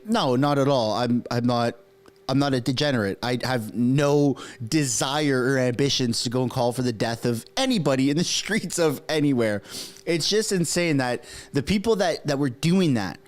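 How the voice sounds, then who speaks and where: A man's voice: mid-range voice, normal speed. A man whose first language is French runs a political livestream in loose, chatty English. He swings his voice up and down as he jokes and curses. He keeps talking straight to the viewers watching live. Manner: animated, swears, jokes, talks to chat viewers. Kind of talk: casual live commentary.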